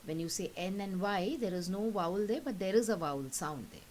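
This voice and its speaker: In this recorded lesson, a woman with a slightly mellow, mid-range voice teaches pronunciation by repeating every word twice at a slow, patient pace. Faint hiss runs under the low-quality audio.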